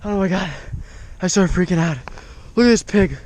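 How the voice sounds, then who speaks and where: A man's voice: high-pitched, moderate pace, a little mellow. A man giving enthusiastic, exclaiming running commentary as a fishing vlogger, recorded outdoors on the water on an action camera.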